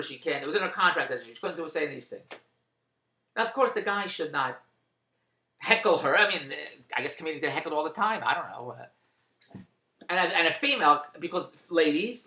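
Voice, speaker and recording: A man's voice: high voice, pushed and bright, roomy sound. A man delivering a rambling, indignant opinion monologue, repeating himself. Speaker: commentator.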